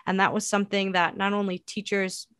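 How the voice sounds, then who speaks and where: A woman's voice: medium pitch, little pitch movement, brisk, fairly bright tone, smooth, no room sound, clean studio sound. A woman saxophonist and educator, answering interview questions in a thoughtful, reflective way, with frequent fillers and restarts.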